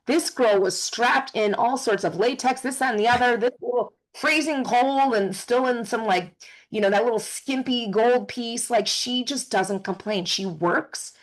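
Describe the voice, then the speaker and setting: A woman's voice: mid-range voice, rough recording. Effusive woman actor chatting as a guest. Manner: effusive and animated, quick asides and jokes. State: briefly emotional, close to tears. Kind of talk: casual interview chat.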